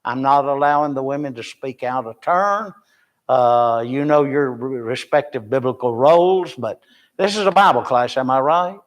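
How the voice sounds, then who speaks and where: A man's voice: mid-range voice, normal speed. Folksy older man giving a church report. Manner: folksy, rambling, self-deprecating humor. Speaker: missionary reporting to a Bible class. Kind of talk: informal church class talk. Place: church classroom.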